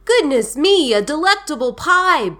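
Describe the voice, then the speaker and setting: A woman voicing a gentle, humble male bear in a storybook reading, sounding warm and fretful. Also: on the high side, animated, a little slow, pitched above the performer's own voice.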